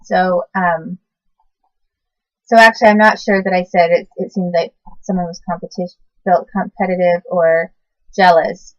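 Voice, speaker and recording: A woman in her forties recalling the past in a casual, halting way, often stopping to correct herself and search for words. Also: lowish voice, steady tone, dry recording. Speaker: recalling past babysitting work. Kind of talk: casual personal recollection to camera. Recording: dull lo-fi sound.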